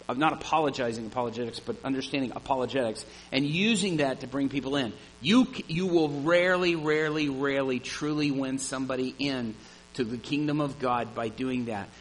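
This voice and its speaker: A man's voice: medium pitch, fairly bright tone, low-quality recording. A man preaching a sermon, earnest and emphatic, retelling conversations and repeating phrases for emphasis. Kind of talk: sermon with storytelling.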